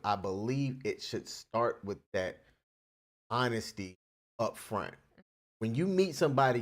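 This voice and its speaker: A young adult man co-hosting a casual relationship podcast, playful and joking, laughing often. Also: mid-range voice. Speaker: podcast co-host. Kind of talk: casual chat.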